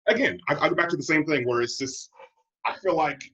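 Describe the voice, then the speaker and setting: A man's voice: fairly high pitch, animated, fast talker, bright, forceful tone, husky. Man, American, podcast co-host, wry and reflective, muffled lo-fi recording. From United States. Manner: reflective, wry, acts out others in a raised voice. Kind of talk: casual conversation.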